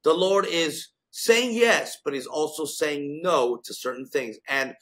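Bright-voiced, fervent male host. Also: fairly high pitch, unhurried. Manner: fervent, declaring prophetic words. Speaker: show host. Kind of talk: faith talk show interview.

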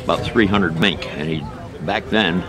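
An older man telling a folksy story from his trapping life in an interview, unhurried and plain-spoken. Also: low voice. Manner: folksy, unhurried, starts sentences with "well". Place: outdoor trappers' gathering. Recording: crowd chatter outdoors.

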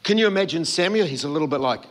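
A man's voice: fairly high pitch, animated, rapid-fire. A man preaching a sermon, telling the story and acting out the quoted voices. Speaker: pastor. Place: church hall.

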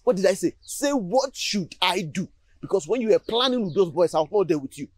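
A man's voice: high-pitched, expressive, rapid-fire, darkish tone, no echo. A man with a Nigerian accent acting in a film drama, lecturing a friend in a scolding manner.

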